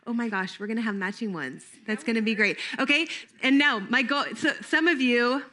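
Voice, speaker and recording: Bright, lively woman leading a workshop. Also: on the high side, fairly quick. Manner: lively, conversational, engages audience with questions. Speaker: camp staff trainer. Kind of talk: workshop training talk.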